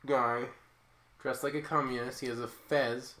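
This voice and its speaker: A podcast co-host in a casual movie recap chat, animated and often acting out scenes in quoted voices. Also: medium pitch, measured pace, echoey room, poor audio.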